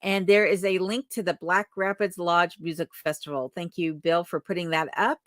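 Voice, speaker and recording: A woman's voice: medium pitch, steady tone, moderate pace, no room sound, studio quality. A woman hosting a livestream chat who reads viewer comments aloud and greets people by name in a friendly, chatty way. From lives in Alaska. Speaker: livestream host.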